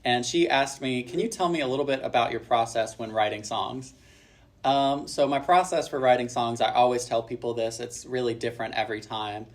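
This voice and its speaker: A young man from Kentucky, a singer-songwriter, reading out fan questions and answering them in a relaxed, friendly way with plenty of ums. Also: medium pitch, brisk.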